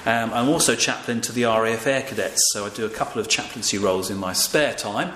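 Talking fast in a lowish, fairly bright voice, an older preacher delivers a casual sermon with fillers and repeated prompts for his listeners to respond. The recording has an echoey room and faint ambient noise.

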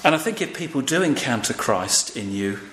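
A man's voice: mid-range voice, big pitch swings, fairly quick, a bit bright. Older man preaching in an echoey church. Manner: conversational, with fillers and audience prompts. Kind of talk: sermon. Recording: echoey room with faint ambient noise.

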